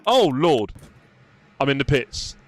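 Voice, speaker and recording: Chatty man, lively pitch. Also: takes it slowly. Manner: chatty, reads chat aloud while driving. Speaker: sim racing streamer. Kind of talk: casual live-stream commentary. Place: home sim racing rig.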